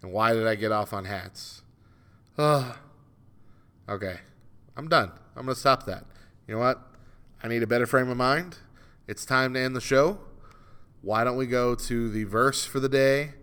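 A man's voice: medium pitch, unhurried, fairly bright tone, clean tone. A man hosting a solo morning radio show, ranting in an exasperated, self-mocking way, with a dry throat. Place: radio studio.

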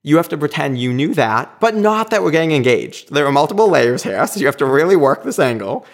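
A man casually telling a personal anecdote, animated and quick to act out what others said. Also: a little high. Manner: animated, acts out quoted lines. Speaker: storyteller.

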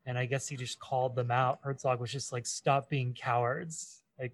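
A man co-hosting a podcast in casual chat, cracking deadpan jokes in a relaxed way. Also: medium pitch, fast talker, no room sound, poor audio. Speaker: podcast co-host.

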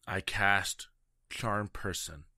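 Giggly man with a very bright voice. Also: on the low side, extremely slow. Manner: chatty, giggly, apologetic. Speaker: player. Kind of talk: tabletop game play.

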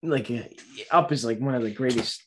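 A man's voice: medium pitch, normal speed, a bit bright, a little hiss or hum. A man co-hosting a casual movie podcast, rambling with lots of fillers and restarts. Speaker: podcast co-host.

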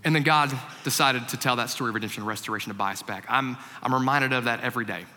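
A man in his thirties, a family pastor, preaching a sermon with humorous stories and animated delivery that drops into hushed reflection. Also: medium pitch, racing, a little hiss or hum. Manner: animated, shifts from loud comic storytelling to hushed reflection. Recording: long hall reverb.

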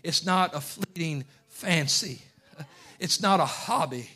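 A man pastor preaching a fervent sermon, moving from quiet asides to shouting. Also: on the high side, takes it slowly, slightly rough. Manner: fervent, swings from hushed to shouting.

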